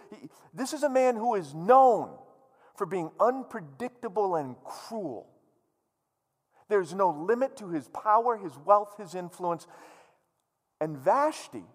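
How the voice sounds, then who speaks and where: A male pastor preaching with a high, very lively voice that swoops up and down as he teases the crowd. His words ring through a church hall with a long reverb. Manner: animated, humorous, jokes with the audience. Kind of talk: sermon.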